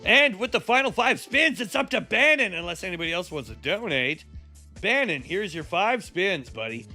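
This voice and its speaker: Lively bombastic male fight commentator over music. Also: high voice, moderate pace. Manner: bombastic, profane, jokey announcer with sudden shouted calls. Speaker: wrestling match commentator and stream host. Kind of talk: live play-by-play commentary.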